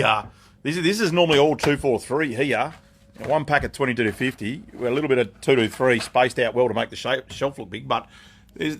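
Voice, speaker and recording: Australian man, middle-aged, live-stream host, casual chat, greets viewers by name, lots of ums, middle pitch. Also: a bit bright. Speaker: gun shop owner hosting a live stream.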